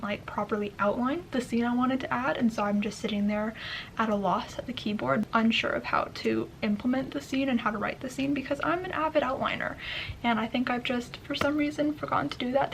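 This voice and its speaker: A woman's voice: on the high side, creaky, slight background noise, rough recording. Chatty young woman vlogging at home. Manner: chatty, gushing with excitement, gasps and soft exclamations. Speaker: booktube vlogger and writer. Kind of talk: casual vlog chat. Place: home, at a desk.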